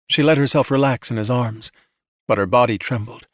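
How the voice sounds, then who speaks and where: A man narrates a story in a calm, soothing bedtime manner. His mid-range voice is even and measured. The sound is dry and close with no room echo. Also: mid-range voice. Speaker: audiobook narrator.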